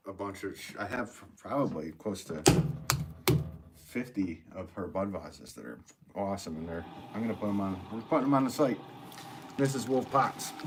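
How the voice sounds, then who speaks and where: Low-voiced, rambling potter chatting on a live stream. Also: male voice, background noise. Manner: rambling and jokey, reading out viewer comments while working. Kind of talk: casual live-stream chat. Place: pottery studio, indoors.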